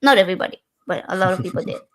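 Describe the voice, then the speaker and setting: A woman's voice: mid-range voice, racing. Earnest woman in casual conversation. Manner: earnest and personal, with frequent fillers and restarts.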